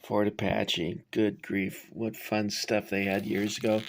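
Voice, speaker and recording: A middle-aged man casually showing his toy figures and rambling off on tangents with many pauses. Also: on the low side, level tone, vocal fry. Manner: rambling, digressive, many fillers. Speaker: toy collector reviewing figures. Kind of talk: casual show-and-tell.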